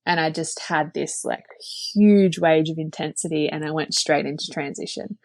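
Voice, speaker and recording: A woman's voice: deep voice, fairly even intonation, normal speed, vocal fry, no room sound. A young woman telling her own birth story in an earnest, chatty way, full of "like" fillers. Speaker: podcast guest sharing her birth story. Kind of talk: casual personal storytelling.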